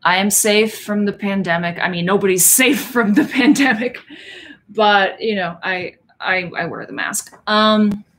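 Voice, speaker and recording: A woman's voice: mid-range voice, lively intonation, a little slow, a bit bright. A woman hosting a casual home livestream, rambling and chatty, who speaks Russian as her first language. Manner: chatty and rambling, with many restarts. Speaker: livestream host signing autographs. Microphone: headphones.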